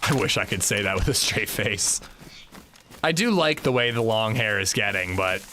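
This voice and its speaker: A young man streams a video game and chats casually with his viewers, reading and answering chat in a loose, profane way. His voice is fairly low, at a normal speed, and sounds pushed and bright. There's slight background noise.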